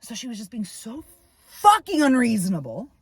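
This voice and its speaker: A woman's voice: fairly high pitch, wildly swooping pitch, normal speed, slightly rough, no echo. A woman venting to camera, ranting in heated, profane bursts about a falling-out. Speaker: vlogger. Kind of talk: angry personal venting to camera.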